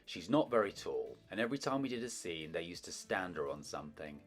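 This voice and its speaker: A man's voice: low-pitched, big pitch swings, a little fast, soft background music. A man putting on a Cockney accent to voice a blunt, chummy film star, in a video about film history. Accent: Cockney, put on. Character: older male film star quoted, cheerful Cockney bloke.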